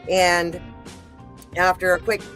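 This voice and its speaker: A woman's voice: on the low side, little pitch movement, slow pace, fairly bright tone, soft background music. A woman hosting a podcast interview, gushing and enthusiastic as she rambles with many restarts. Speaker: podcast host. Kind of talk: casual interview chat.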